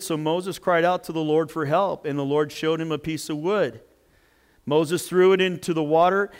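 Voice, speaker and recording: Animated high-voiced male preacher. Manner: animated, jokey preaching with sudden loud outbursts. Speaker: pastor. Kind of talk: sermon.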